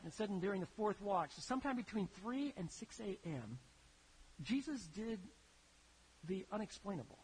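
A preacher telling stories in a sermon, in an animated, conversational way that builds to emphatic peaks. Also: medium pitch, husky, poor audio. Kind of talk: sermon storytelling.

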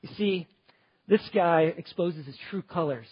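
A man with a high, husky voice delivers an earnest sermon, stressing one word after another as he builds long lists. The sound is dry and a little dull, with a lo-fi edge. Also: a little slow, no echo. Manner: emphatic, earnest, piles up lists of words. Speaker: preacher.

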